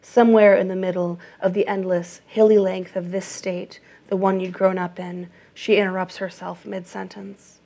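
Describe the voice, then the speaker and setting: Woman narrator, audiobook, low gravelly voice, flat steady delivery. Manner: measured, even, steady.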